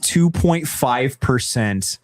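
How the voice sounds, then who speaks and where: A young man with a medium-pitched voice hosts a casual live stream, taking it slowly as he laughs, swears, and trades lively banter.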